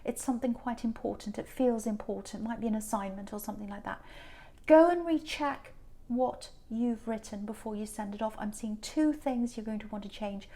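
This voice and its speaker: A woman's voice: a little high, fairly quick, mellow. Earnest woman giving a tarot reading. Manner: earnest, repeats herself for emphasis. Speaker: tarot reader.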